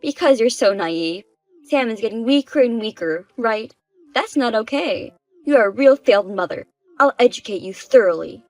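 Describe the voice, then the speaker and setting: A woman's voice: a little high, animated, moderate pace, a little mellow, dry recording, soft background music. A woman voicing a meddling mother-in-law who lectures condescendingly and bosses people around. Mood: scolding.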